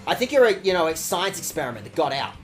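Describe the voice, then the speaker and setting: A man streaming a video game, chatting casually with his viewers in a sarcastic, animated way and swearing often. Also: on the high side, fast talker, soft background music.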